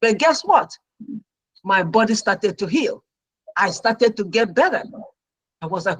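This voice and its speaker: A middle-aged woman, a registered nurse, telling her own story as a talk show guest with lively, dramatic delivery. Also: mid-range voice, measured pace, pauses often, husky, dry recording, rough recording. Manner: animated storyteller who acts out her own past reactions.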